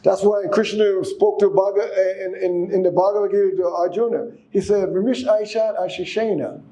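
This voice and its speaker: A man's voice: high voice, steady tone, normal speed, dark tone. A man giving a casual sermon, exhorting the congregation, often repeating and restarting his words. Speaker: speaker giving a class.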